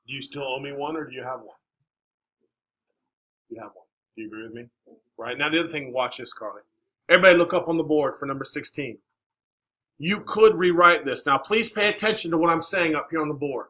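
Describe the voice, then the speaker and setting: Male teacher, classroom, bright tone, encouraging and coaxing. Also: a little high, rough recording. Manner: encouraging, coaxing questions, many "all right"s. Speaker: math teacher.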